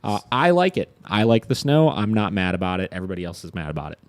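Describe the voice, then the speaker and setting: A man with a fairly low voice hosts a loose, casual podcast among friends. He tells stories animatedly and acts out what people said. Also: fast, no echo. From Ohio, USA. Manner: animated storyteller, acts out quotes. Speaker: podcast host, dog trainer. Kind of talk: casual chat.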